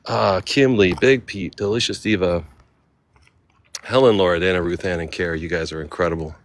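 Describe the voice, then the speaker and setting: A man's voice: low-pitched, steady tone, moderate pace. Chatty man streaming live on seaside cliffs. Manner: chatty, reads out viewer names and thanks them. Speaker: livestreamer. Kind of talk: casual live-stream chat.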